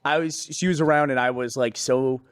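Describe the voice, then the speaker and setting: A man's voice: mid-range voice, steady tone, brisk, clean tone, dry recording, studio quality. A man co-hosting a podcast in casual chat, telling anecdotes with laughter and swearing. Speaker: podcast co-host.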